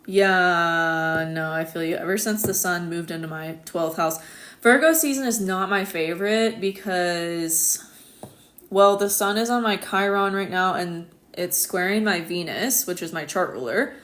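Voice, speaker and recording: American woman doing a chill live stream on her phone, slow and chatty, laughs a lot. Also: on the low side. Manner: relaxed, chatty, laughs often. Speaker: astrologer hosting a live stream. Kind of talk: casual live-stream chat reading comments.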